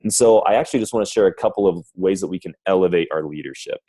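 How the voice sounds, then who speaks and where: A man's voice: low voice, quick pace, warm tone, husky, no room sound, poor audio. A man, a corporate sales manager, giving an upbeat, rambling presentation on a conference call. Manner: upbeat, rambling, says guys and right often. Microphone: phone line.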